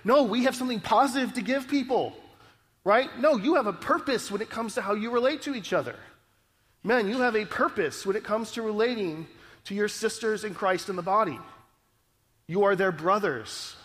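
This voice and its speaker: A male pastor preaches with a fairly high voice, talking earnestly and conversationally and often tossing in quick asides to the room. His words ring out with a long reverb, as if heard in a large church sanctuary. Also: fairly bright tone. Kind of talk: sermon.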